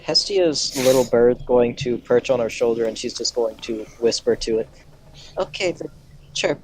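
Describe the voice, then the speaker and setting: A man at a tabletop game, calmly describing what his character does. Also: mid-range voice, normal speed, a little hiss or hum, low-quality recording. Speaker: player.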